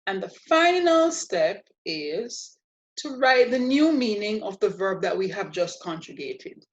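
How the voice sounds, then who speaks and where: A woman's voice: medium pitch, big pitch swings, unhurried, highs cut off. A woman teaching a language lesson, walking through each step with patient, playful explanations. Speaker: Spanish teacher. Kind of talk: slow, deliberate language lesson.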